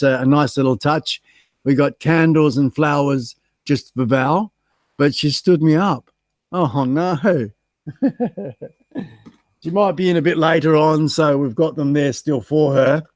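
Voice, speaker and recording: An Australian man guest-hosts a casual livestream chat, reading the chat aloud and joking self-mockingly about being stood up, with plenty of ums and uhs. His voice is on the high side and a little mellow, with no echo.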